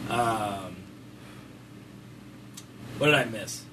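A man's voice: on the low side, drawn-out words, noisy background. A man hosting a casual chat, teasing his co-host playfully and laughing often. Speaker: stream host.

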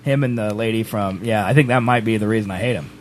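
A man's voice: lowish voice, fast talker, background noise. A man casually chatting with a co-host about a movie trailer, joking and laughing often. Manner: laughing, jokey, puts on silly fake British accents. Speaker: podcast co-host.

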